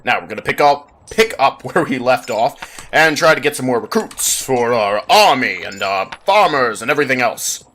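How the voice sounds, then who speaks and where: Brief: young male gaming commentator, bright and animated, chatty and self-interrupting. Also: medium pitch, moderate pace. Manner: rambling, giggly, self-interrupting. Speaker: gameplay commentator. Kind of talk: casual let's play chat.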